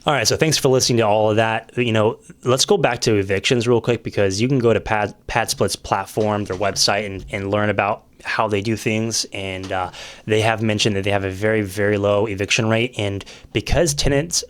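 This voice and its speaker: A man's voice: on the low side, steady tone, fairly quick, clear, resonant tone. A man, a realtor, casually explaining rental investment numbers while working through a calculator, conversational and thinking aloud. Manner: conversational, many fillers and restarts, thinking aloud over numbers. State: coughing now and then. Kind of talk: casual screen-share explainer.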